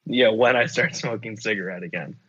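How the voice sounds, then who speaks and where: A man's voice: on the low side, brisk, sharp tone, breathy edge, muffled recording. A man telling a rambling, profane story in casual chat, full of fillers and restarts. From United States.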